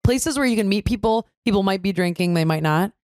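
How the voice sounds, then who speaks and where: A woman's voice: medium pitch, lively intonation, fairly quick, darkish tone, no room sound, clean studio sound. A young woman co-hosting a casual podcast chat, blunt and swearing freely as she runs through dating advice, with the hiccups. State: has hiccups. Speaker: podcast co-host.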